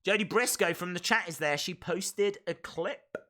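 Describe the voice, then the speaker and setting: A man's voice: high-pitched, normal speed, sharp tone. A man hosting a live wrestling reaction stream, chatting with viewers and ranting in mock outrage. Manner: chatty, mock-outraged, reads out chat messages. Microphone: desk microphone.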